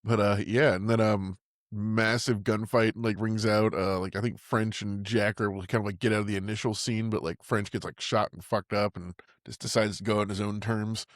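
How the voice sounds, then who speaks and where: A man's voice: lowish voice, little pitch movement, normal speed, no echo, clean studio sound. A man co-hosting a podcast, chatting about a movie in a laid-back, profane way with lots of fillers. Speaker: podcast co-host. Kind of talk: casual movie recap chat.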